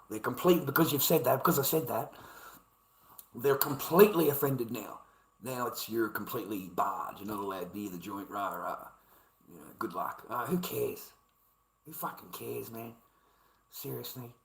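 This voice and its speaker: A man's voice: mid-range voice, normal speed, gravelly, long pauses, reverberant, rough recording. An older Australian man ranting in an aggrieved, swearing, repetitive vlog monologue.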